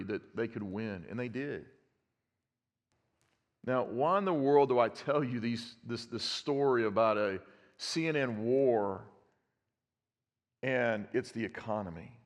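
A man's voice: medium pitch, lo-fi sound. A man, preaching a conversational sermon and putting questions to his congregation. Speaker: pastor. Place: church sanctuary. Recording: long reverb of a church hall.

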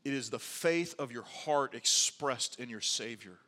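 A man's voice: mid-range voice, animated, a little slow, bright, forceful tone, in a large hall. A male pastor preaching a sermon in a conversational way, with wry asides.

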